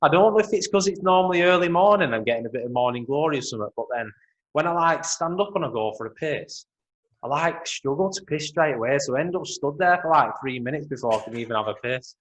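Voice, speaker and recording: A man's voice: a little high, animated, quick pace, rough recording. A man co-hosting a podcast, trading blunt, sweary banter in casual chat. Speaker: podcast co-host.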